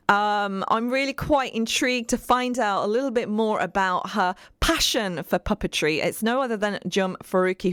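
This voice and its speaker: A woman's voice: mid-range voice, clean tone, dry recording, clean studio sound. A woman hosting a community radio show, chatting in an upbeat, rambling way with many fillers. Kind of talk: casual radio chat.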